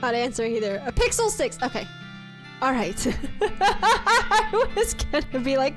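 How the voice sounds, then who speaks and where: This woman streamer has a high, slightly bright voice with big pitch swings and a normal pace, and soft music plays behind her. Bubbly and teasing, she laughs a lot while chatting casually with her viewers on a live stream.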